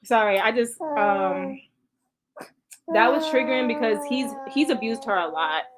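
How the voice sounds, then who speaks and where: A woman's voice: on the high side, lively intonation, measured pace, a little hiss or hum. Woman vlogger sighing through a recap. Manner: emotional, sighing, talks straight to viewers. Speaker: vlogger recounting past events. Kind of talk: casual reaction commentary.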